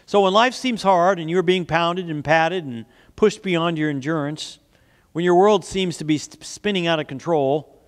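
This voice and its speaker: A man's voice: fairly high pitch, moderate pace. A man preaching a sermon as pastor, telling stories earnestly and asking the congregation questions. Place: church sanctuary. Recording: long hall reverb.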